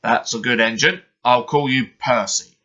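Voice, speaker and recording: A man's voice: medium pitch, measured pace, bright, forceful tone, lo-fi sound. A man voicing a stout, fussy railway boss for a storybook, firm and commanding. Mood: kindly.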